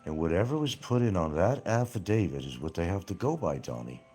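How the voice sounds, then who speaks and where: A man hosts his own livestream show and rants at critics who aren't there, mocking and confrontational, repeating his points and swearing freely. His low voice is warm and husky, very animated and a little fast.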